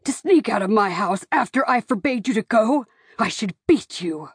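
A woman voicing an angry, stern Amish father who demands and booms in an audiobook, with a slightly husky voice. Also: expressive, moderate pace, no echo, clean studio sound. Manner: demanding, booming, harsh.

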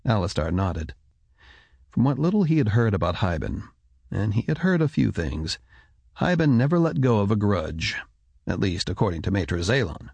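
Guy narrating an audiobook, low gravelly voice, super dry close sound. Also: lively intonation, moderate pace, a little mellow, no echo. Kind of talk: scripted narration.

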